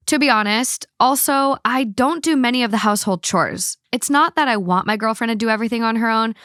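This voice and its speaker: A woman's voice: a little high, a little fast, fairly bright tone, no echo, clean studio sound. Blunt swearing woman podcast host. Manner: swears freely, blunt opinions. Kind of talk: casual podcast chat, reading Reddit posts aloud.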